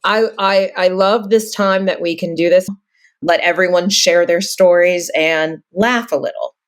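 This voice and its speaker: A woman's voice: fairly low pitch, steady tone, unhurried. A woman hosting a podcast in casual chat, steering the talk with encouraging remarks. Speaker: podcast host.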